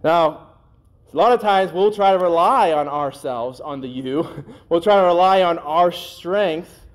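A man preaching a sermon in a conversational way, with folksy asides, and slowing down on scripture phrases. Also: on the high side. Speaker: pastor.

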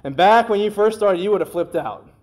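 A man preaching a sermon in a conversational way, with folksy asides, and slowing down on scripture phrases. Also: high-pitched, lively intonation, darkish tone. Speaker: pastor.

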